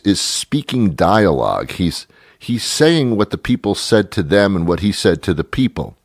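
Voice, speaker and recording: A very low-voiced man hosting a talk show, ranting comedically about a story in an exasperated, sarcastic way. His pitch swings widely as he slides into mock-pedantic complaints. The sound is dry and close. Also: sing-song, moderate pace, slightly rough, dry recording. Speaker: radio talk show host. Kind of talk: comedic rant.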